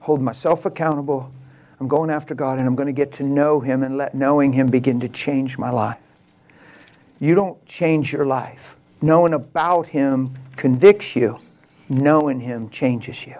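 A male pastor preaching a sermon, telling a story and swinging from quiet, slow lines to loud exclamations. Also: medium pitch, fairly even intonation.

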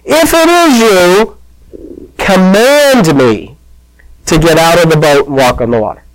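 A man's voice: high voice, expressive, measured pace, no room sound, rough recording. A man voicing an impulsive adult male fisherman disciple who blurts out eagerly.

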